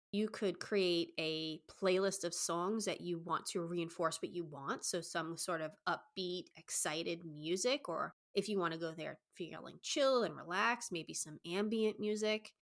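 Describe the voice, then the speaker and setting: Woman, young adult, slightly low voice, quick excited delivery, podcast coach. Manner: fast, excited, enthusiastic delivery. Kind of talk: solo podcast advice talk.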